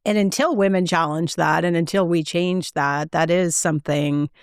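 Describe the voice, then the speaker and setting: A woman's voice: on the low side, fairly even intonation, normal speed, clear, resonant tone, no echo, studio quality. A woman hosting a podcast, chatty and enthusiastic as she leads the conversation. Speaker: podcast host. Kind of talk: casual conversation.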